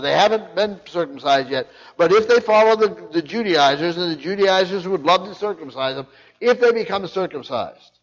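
A man with a fairly high voice preaches an expository sermon, leaning hard on key phrases and repeating them. His voice carries a long reverb from a church sanctuary. The recording sounds muffled and lo-fi. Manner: emphatic, repeats key phrases, frequent restarts. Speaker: pastor.

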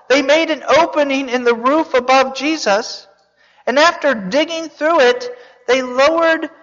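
A preacher giving a sermon, telling the story with animated asides, rhetorical questions and jokes. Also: high voice. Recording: dull reverberant hall recording.

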